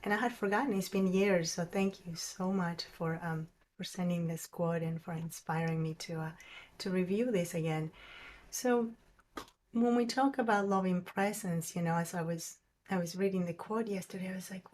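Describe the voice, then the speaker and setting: A woman teaching a meditation class, who talks in a soft, musing way and often drops to a near whisper. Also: on the low side, fairly even intonation, normal speed, a little hiss or hum. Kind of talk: reflective class talk.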